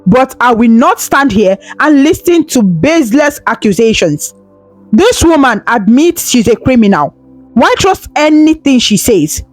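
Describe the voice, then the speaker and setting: A woman's voice: sits high, big pitch swings, measured pace, soft background music, exaggerated voice. A woman storyteller voicing a jealous scheming prince who bellows commands in outrage. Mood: defensive.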